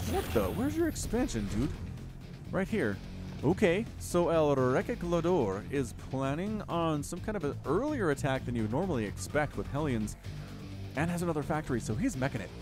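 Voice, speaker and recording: Male esports caster, solo play-by-play, animated pitch, rambling and self-mocking, music bed underneath. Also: a little fast. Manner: chatty, rambling, self-deprecating jokes. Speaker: game commentator.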